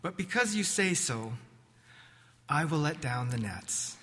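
An exasperated fisherman, played by a man, pitched up, strained and pleading. His voice is bright and rings through a long hall echo. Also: sing-song, unhurried. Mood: weary. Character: weary, exasperated grown fisherman. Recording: echoey hall reverb.

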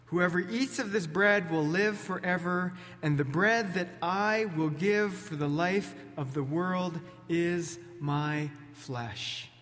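A man's voice: fairly high pitch, a bit bright. A male pastor giving a sermon in a church, talking conversationally with small jokes and restarts, on a pulpit microphone. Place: church sanctuary. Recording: long reverb of a large hall.

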